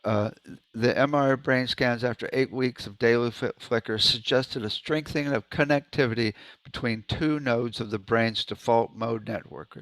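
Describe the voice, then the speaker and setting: A man's voice: mid-range voice, normal speed, a bit bright, no room sound. A man giving an informal presentation, talking loosely with many asides and demonstrating hums and rhythm syllables aloud. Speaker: presenter at a sound healing meeting.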